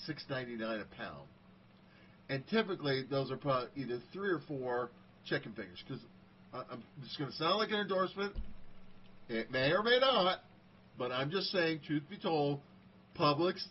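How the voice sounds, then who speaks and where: Telling stories from his own life, a middle-aged American man speaks with a mid-range voice and an easygoing, conversational manner, voicing the dialogue as he quotes it. The recording sounds slightly muffled and carries a faint hiss.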